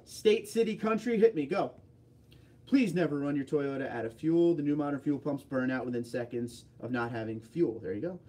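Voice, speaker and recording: A man's voice: medium pitch, fairly quick, few pauses, dark tone. A man hosting a casual livestream, reading viewer comments aloud and answering them offhandedly. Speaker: livestream host.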